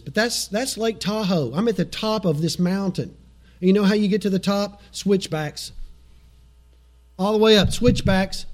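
Animated preacher, high voice. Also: male voice. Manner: animated preaching with quoted asides and chuckles. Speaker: pastor. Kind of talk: sermon.

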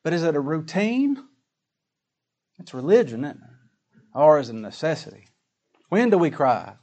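A man delivers a sermon in a folksy, plain-spoken way, firing off rhetorical questions at his listeners. His voice sits a little high for a man. When he reads scripture he slows right down and leans on each word. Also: sing-song, darkish tone. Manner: folksy preaching, rhetorical questions, slow emphatic scripture reading. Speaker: pastor.

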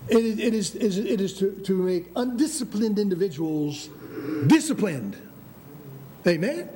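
A man's voice: high voice, lively intonation, unhurried, mellow, a little hiss or hum. An older American man preaching a sermon, emphatic, with frequent restarts and calls of "Amen?". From United States.

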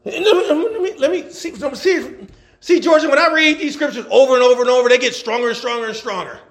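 A man's voice: extremely high pitch, quick pace, fairly bright tone. A man preaching a sermon, fervent and calling out to the congregation, stretching out scripture readings and breaking into chuckling asides.

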